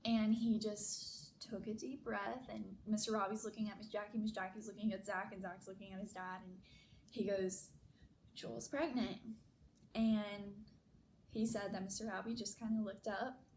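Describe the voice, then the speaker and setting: A woman's voice: medium pitch, moderate pace, slight background noise, rough recording. A young woman vlogger telling a story in a casual, chatty way, full of "like" fillers. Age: young adult. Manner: chatty, many "like" fillers, animated retelling.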